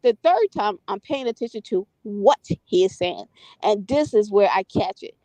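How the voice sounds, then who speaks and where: A woman's voice: mid-range voice, animated, moderate pace, warm tone, no room sound. A woman from the United States chatting casually, retelling a story and often checking in with "right?" and "you know". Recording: dull, dry lo-fi audio.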